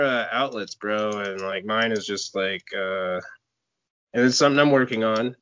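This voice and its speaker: A man co-hosting a podcast in casual chat, halting and full of fillers as he talks about himself. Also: lowish voice, gravelly, bright, forceful tone. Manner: halting, filler-heavy, self-deprecating. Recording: dull, dry lo-fi audio.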